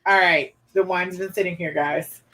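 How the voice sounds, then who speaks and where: A woman hosts a live wine show, chatting upbeat with viewers and reading their comments aloud, often saying "y'all" and "honey." Her fairly low voice is a bit bright and steady at a normal speed.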